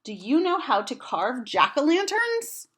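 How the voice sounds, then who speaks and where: Fussy exasperated storybook husband, drawn-out lines, slow, read by a woman. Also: high voice, huge pitch swings, a bit bright, slight background noise, pitched above the performer's own voice, full character voice.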